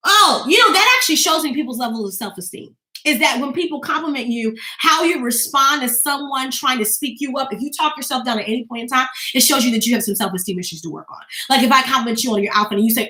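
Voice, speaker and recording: A woman business coach giving an animated motivational talk, acting out quoted voices and often asking "okay?". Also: high voice, quick pace, reverberant, rough recording.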